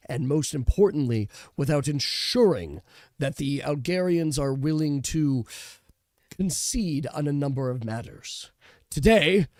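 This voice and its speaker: A man playing a solemn male resistance leader, speaking formally and measured. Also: on the high side, darkish tone, dry recording, studio quality.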